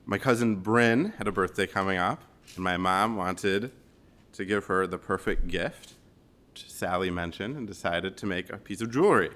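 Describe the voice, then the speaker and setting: Guy from chicago, 40s, low-ish voice, telling funny warm stories at a funeral. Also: normal speed. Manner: gently humorous storytelling. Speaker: son giving a eulogy. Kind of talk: funeral eulogy. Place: funeral service.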